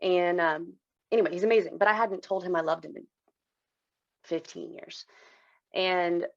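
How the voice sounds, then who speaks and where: Woman, 30s, podcast guest, gravelly, lowish voice, candid, dry dull lo-fi recording. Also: steady tone, normal speed, no echo. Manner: candid, emotional, acts out quoted dialogue. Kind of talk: personal storytelling in an interview.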